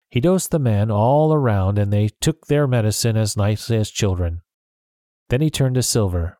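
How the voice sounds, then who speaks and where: A man narrating a storybook chapter in an even telling voice. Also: fairly low pitch, normal speed, dry recording, clean studio sound. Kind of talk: audiobook narration.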